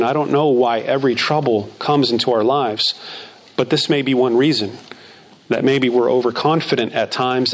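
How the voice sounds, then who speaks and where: A man's voice: mid-range voice, slight background noise. A man preaching a sermon who reads scripture verses aloud and repeats phrases for emphasis.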